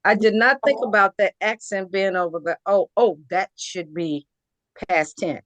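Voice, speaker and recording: A woman's voice: medium pitch, moderate pace, fairly bright tone, no room sound. A woman student in a Spanish class, reading aloud and answering hesitantly. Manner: hesitant, thinking aloud with fillers.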